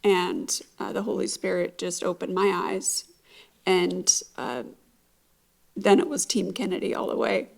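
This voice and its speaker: Slow, gravelly-voiced middle-aged woman. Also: fairly low pitch, little pitch movement, a little mellow. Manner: halting, reflective, many fillers. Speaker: conference guest speaker. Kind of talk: personal testimony.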